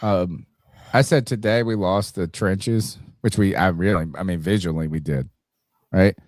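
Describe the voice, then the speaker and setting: A man's voice: deep voice, unhurried, darkish tone, no room sound, clean studio sound. A man hosting a sports podcast, reading an ad and giving rambling, casual game analysis. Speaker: podcast host. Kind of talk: casual sports talk and ad read.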